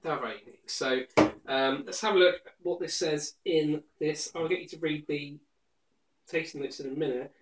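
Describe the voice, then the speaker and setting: A man's voice: a little high, fairly even intonation, moderate pace, echoey room, background noise. Teasing man hosting a beer review. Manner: teasing, jokey, hesitant with fillers. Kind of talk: casual chat.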